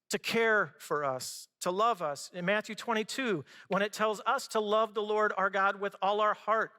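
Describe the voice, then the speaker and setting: This middle-aged pastor's voice sits high and sounds pushed and bright as he preaches in a chatty way, sharing personal anecdotes. Long hall reverb fills the church sanctuary recording.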